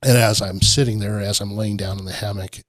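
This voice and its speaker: In a casual interview, a middle-aged man who owns an off-road park tells a long, rambling story as a podcast guest, laughing often. His voice sits on the low side with a steady tone, and he talks fairly quickly. The sound is fairly bright and the recording dry.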